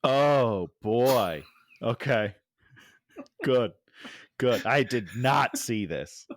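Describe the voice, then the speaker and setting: A man's voice: medium pitch, expressive, very slow. A man co-hosting a casual movie podcast, making wry, teasing remarks in short replies. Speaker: podcast co-host.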